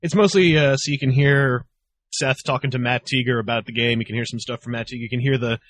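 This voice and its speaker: A man's voice: mid-range voice, steady tone, fast, a bit bright, no echo. A man hosting a casual chat, talking in rambling, self-interrupting bursts. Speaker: podcast host.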